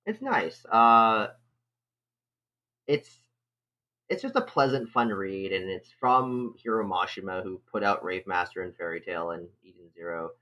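A man's voice: low voice, sing-song, measured pace, pushed and bright, low-quality recording. A man co-hosting a casual podcast, speaking in an easygoing, thoughtful way. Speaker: podcast co-host.

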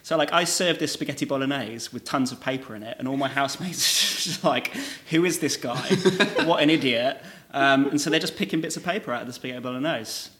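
A man's voice: mid-range voice, fairly quick, few pauses, sharp tone. Laughing male podcast host. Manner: friendly, laughing storyteller. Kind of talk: casual podcast chat. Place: church hall. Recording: church hall recording with music behind.

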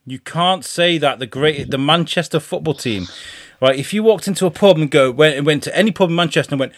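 A man's voice: fairly high pitch, brisk, dry recording. A man, chatting loosely on a podcast, swearing and laughing as he rambles. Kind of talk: casual podcast chat.

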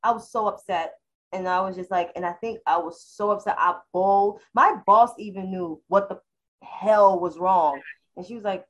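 A woman's voice: mid-range voice, moderate pace, poor audio. A woman co-hosting a podcast, candidly telling a personal story in a rambling, casual way. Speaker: podcast co-host. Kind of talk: casual chat.

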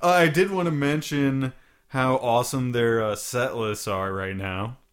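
A man's voice: medium pitch, measured pace. A man co-hosting a podcast in loose, rambling casual chat, swearing now and then. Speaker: podcast co-host.

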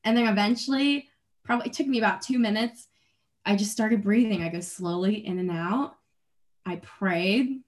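A woman's voice: medium pitch, normal speed. A young adult woman, an athlete guest in a casual interview, talking earnestly and rambling, with restarts and little laughs.

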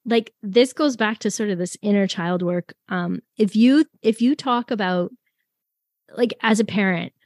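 A woman who works as a therapist and supply teacher, explaining ideas in expressive, conversational talk. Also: medium pitch, unhurried, no room sound, clean studio sound. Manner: expressive, acts out voices in her examples. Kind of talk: candid casual conversation.

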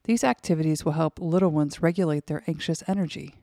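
A woman with a fairly low, warm, mellow voice gently guides children through a calming imagery exercise. She often slips into soft whispers. The recording is close and dry, with no room sound. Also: brisk, no echo. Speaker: host and mother leading guided relaxation for kids.

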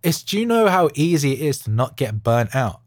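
A man's voice: medium pitch, big pitch swings, fairly quick, no room sound. A man hosting his own podcast from a music studio late at night, rambling in a chatty, digressive way full of "you know" and "like". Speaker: music producer and podcast host. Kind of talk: casual rambling monologue.

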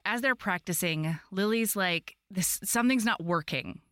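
A woman's voice: medium pitch, moderate pace, a bit bright, no echo, clean studio sound. A woman co-hosting a podcast, chatting casually about a romance novel, acting out the characters and laughing often. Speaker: podcast co-host. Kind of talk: casual book chat.

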